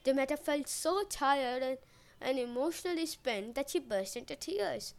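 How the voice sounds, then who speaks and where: Woman telling old myths casual and jokey, pretty high voice. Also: animated, normal speed. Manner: chatty, jokey asides. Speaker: podcast storyteller. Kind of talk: casual humorous myth retelling.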